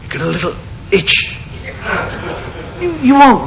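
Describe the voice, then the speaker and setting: A middle-aged male comedian spins a chatty stand-up routine, acting out yawns, scratches and rude gestures. His voice is unusually high and jumps all over the place. It sounds like an old television broadcast, with a laughing audience and steady hiss in the background. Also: unhurried, vocal fry, over a noisy crowd, rough recording. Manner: conversational storytelling, acting out gestures and noises. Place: stage before a live audience.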